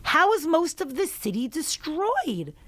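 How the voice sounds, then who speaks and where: A stern male governor in a children's story lectures with exasperation. A woman acts him out, speaking slowly, with a high voice that rises and falls sharply. The sound is close and dry. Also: big pitch swings, fairly bright tone, dry recording, full character voice. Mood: concerned.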